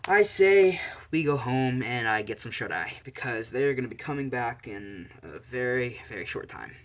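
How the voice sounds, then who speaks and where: A man's voice: mid-range voice, animated, moderate pace, fairly bright tone, natural voice. A man voicing a cocky, sarcastic young male assassin working as a bodyguard, in an offhand way. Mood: sardonic.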